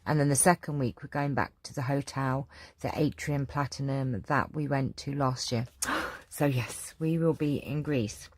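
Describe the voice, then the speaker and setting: A woman's voice: a bass voice, fairly even intonation, moderate pace, no room sound. A middle-aged English woman with an English accent, chatting casually and rambling with lots of ums as she answers viewer questions. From England. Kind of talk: casual chat.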